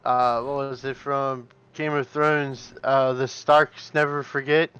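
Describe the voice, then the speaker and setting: Bright, crisp-voiced male race commentator. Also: mid-range voice, slow, no room sound, highs cut off. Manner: rambling with restarts, deadpan jokes. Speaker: sim racing co-commentator.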